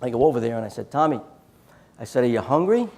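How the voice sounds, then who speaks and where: Gravelly man telling lively stories. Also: medium pitch, fast. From United States. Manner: animated anecdotes with quoted dialogue. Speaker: speaker at a church conference. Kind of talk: storytelling talk.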